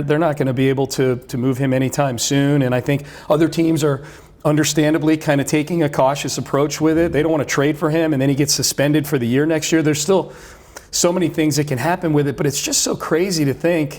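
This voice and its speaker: Middle-aged male sports radio host, higher-pitched, chatty, rambling with restarts. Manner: talkative, many restarts and fillers. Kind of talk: casual chat.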